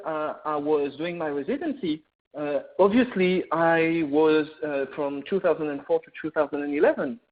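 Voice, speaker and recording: French-accented man on a tinny line. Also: on the high side. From France. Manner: earnest, many "uh" fillers and restarts. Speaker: veterinarian presenting a webinar. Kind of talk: webinar lecture. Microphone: video call or webinar mic. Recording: tinny phone-like webinar audio.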